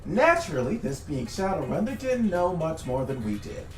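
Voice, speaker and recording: A man recapping a tabletop game story to friends over voice chat, casual and animated, swearing at times. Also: a little high, moderate pace. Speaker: streamer recounting a tabletop campaign. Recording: echoey room sound.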